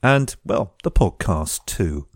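A man's voice: sits low, big pitch swings, slow, no echo, clean studio sound. A man hosting a podcast, introducing the episode and its guest with wry, joking asides. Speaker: podcast host.

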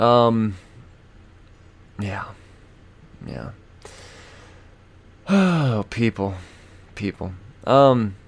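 A man with a gravelly, low voice tells a story on his podcast, swearing constantly and making fun of himself. His pitch swings widely as he rambles along with fillers and asides. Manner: profane, self-mocking, frequent fillers and laughs. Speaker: podcast host.

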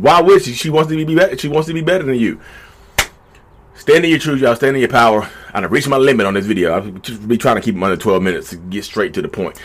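A man's voice: mid-range voice, expressive, fast talker. A man giving blunt, profane relationship advice in a casual vlog monologue recorded in a backyard shed. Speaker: vlogger.

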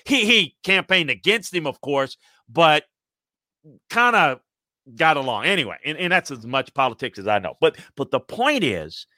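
Older guy talking college football, bright sharp voice, dry close sound, rambles and restarts a lot. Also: on the high side, normal speed, no room sound. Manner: rambling, animated, many restarts. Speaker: sports commentator. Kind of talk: casual sports talk.

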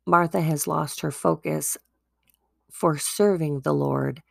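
Slowly and with a steady tone, a devotional podcast host recounts a Bible story in an earnest, chatty manner with frequent restarts. Her voice is low and heavily gravelly, captured in a close, dry recording.

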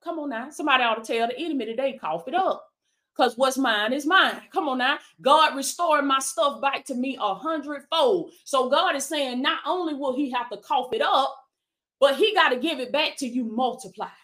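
A woman's voice: high voice, normal speed, fairly bright tone. A woman preaching a motivational sermon on a livestream, calling out to viewers with "come on now" and "baby" and reading out their comments. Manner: reads viewer comments aloud. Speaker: life coach and preacher.

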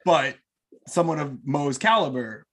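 A man's voice: on the high side, expressive, a little slow, breathy edge. A man in his thirties hosting a podcast, chatty and enthusiastic as he builds long questions for his guest. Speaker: podcast host. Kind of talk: casual interview.

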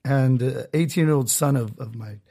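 A man with a medium-pitched, warm voice talks at normal speed. He hosts a solo podcast from Southern California, rambling sarcastically with many restarts and asides.

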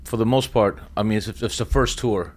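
Middle-aged guy swearing his way thru road stories, kinda low voice, from the east coast. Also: moderate pace. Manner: profane, animated storyteller. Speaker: drummer, guest. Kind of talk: casual interview storytelling.

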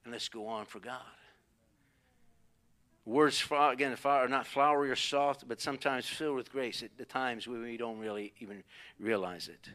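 A man's voice: mid-range voice, a little fast. A middle-aged man, a pastor, preaching a sermon and telling family stories, acting out the voices of the people in them. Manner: animated storytelling, acts out quoted voices.

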